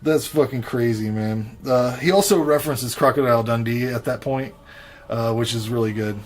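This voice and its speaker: A man co-hosting a horror podcast in loose, casual chat. He talks bluntly and swears freely, with a laid-back, unhurried manner and plenty of fillers. His pitch sits in a middle range for a man. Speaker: podcast co-host reviewing horror films.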